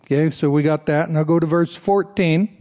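Man, pastor, sermon, scripture reading, folksy asides, somewhat high voice. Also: steady tone, normal speed, dark tone. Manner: reads scripture aloud, breaking off for folksy asides to the congregation; raises his voice for emphatic passages.

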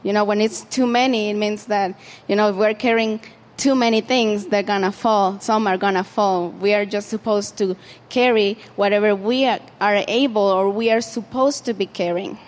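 A woman's voice: medium pitch, steady tone, moderate pace, in a large hall. A woman preaching an informal sermon in a conversational way, with frequent fillers and restarts.

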